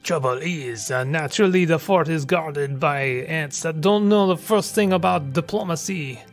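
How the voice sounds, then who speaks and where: A smooth-talking whiskered creature burglar with a taste for treasure, read aloud by a man from a video game. His voice sits a little high for a man, and he flatters and schemes in a theatrical way. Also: normal speed, faint music behind, close to an everyday voice. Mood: scheming. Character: suave whiskered male creature thief, treasure-loving schemer. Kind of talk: reading game dialogue aloud.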